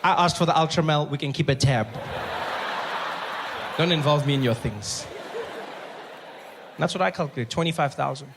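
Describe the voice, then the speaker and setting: A man's voice: moderate pace, pauses often, a crowd in the background, noisy background. A man from South Africa performing a stand-up comedy set, telling stories and acting out the people in them. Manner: animated storytelling, acts out voices with big pitch jumps.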